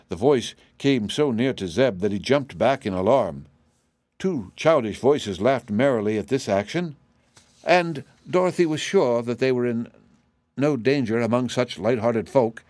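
A man narrating an audiobook in a steady, clear reading manner. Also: on the low side, normal speed, dry recording. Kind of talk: scripted narration.

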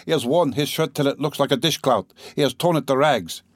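A man's voice: mid-range voice, a little fast, no echo, studio quality, pitched above the performer's own voice, natural voice. A man voicing a proud, distraught consumptive mother who talks fretfully and breathlessly. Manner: breathless, fretful and rambling, broken by coughs.

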